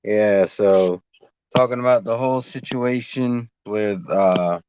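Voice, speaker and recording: A man joining a livestream as a guest, speaking hesitantly with many pauses and ums. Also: lowish voice, a little mellow, a little hiss or hum. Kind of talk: casual livestream chat. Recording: muffled call-in audio.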